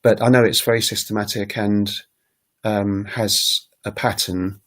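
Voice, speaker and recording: A man's voice: fairly low pitch, little pitch movement, measured pace, a bit bright. Rambling man hosting a language livestream. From United Kingdom. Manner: rambling, frequent ums, thinking aloud; self-deprecating asides. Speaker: language learning livestream host. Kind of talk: casual solo livestream talk.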